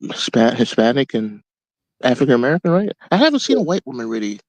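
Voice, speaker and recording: A man chatting as a guest on a livestream, telling stories in a casual, animated way. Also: medium pitch, quick pace, no echo, rough recording.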